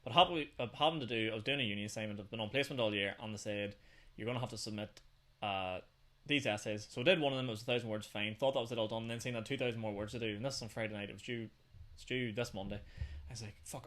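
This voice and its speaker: Young male podcast host, very quick, casual and sweary. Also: on the low side, fairly even intonation, fairly bright tone. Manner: rapid, swearing, storytelling. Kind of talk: casual chat.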